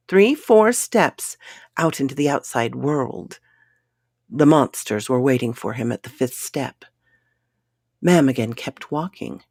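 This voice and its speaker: A woman hosting her channel and reading a science fiction story aloud in an unhurried, expressive way. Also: low-pitched, husky, dry recording, studio quality.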